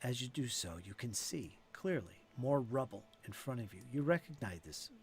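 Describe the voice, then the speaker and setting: Casting note: male game master, mid-pitched, relaxed and chatty narration for a tabletop game. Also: moderate pace, crowd noise. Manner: relaxed, conversational, with frequent fillers.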